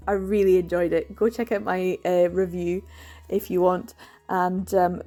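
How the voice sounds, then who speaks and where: Chatty Scottish woman with a mellow voice. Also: fairly low pitch. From Scotland. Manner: chatty and enthusiastic, laughs often. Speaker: book vlogger. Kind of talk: casual book wrap-up chat.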